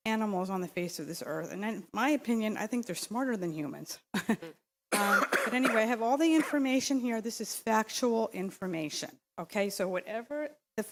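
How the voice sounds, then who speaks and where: A woman's voice: medium pitch, expressive, brisk. A woman giving a rambling, insistent public comment at a city council meeting, speaking into a podium microphone. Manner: insistent, rambling, with many fillers and restarts.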